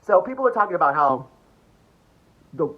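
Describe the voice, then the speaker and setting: A man's voice: high voice, sing-song, moderate pace. A man delivering an angry, mocking political rant full of swearing. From United States. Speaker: political commentator. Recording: dull lo-fi recording.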